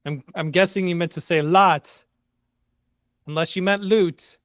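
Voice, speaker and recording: A man with a fairly high voice reads viewer comments aloud on a live stream, recorded close and completely dry. He slips in wry little jokes between the comments in a relaxed, chatty way. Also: normal speed, dry recording. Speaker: co-host reading viewer comments. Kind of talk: casual live-stream chat.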